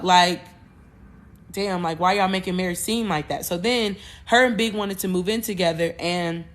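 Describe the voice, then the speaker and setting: A woman hosting a podcast, retelling a movie plot in a loose, animated way, with cursing and frequent self-corrections. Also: medium pitch, normal speed. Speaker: podcast host.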